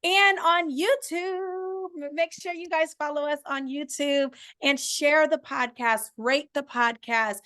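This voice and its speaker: A woman's voice: high voice, steady tone, measured pace, few pauses, bright, forceful tone. A woman hosting a faith-minded podcast, encouraging her guest and closing with affirmations. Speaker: podcast host. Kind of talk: podcast interview and sign-off.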